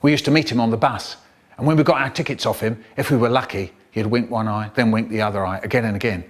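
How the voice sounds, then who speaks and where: A man performing a childhood story in an expressive, theatrical way, with acted-out voices. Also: lowish voice, fast talker.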